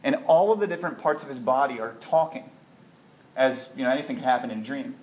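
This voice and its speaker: A man giving an informal Torah talk, animated and conversational, full of rhetorical questions. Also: mid-range voice, fast. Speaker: Torah teacher. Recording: echoey room.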